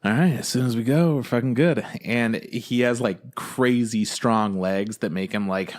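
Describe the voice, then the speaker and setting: A man co-hosting a podcast in casual chat, talking excitedly and profanely and acting out scenes in quick impressions. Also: medium pitch. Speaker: podcast co-host.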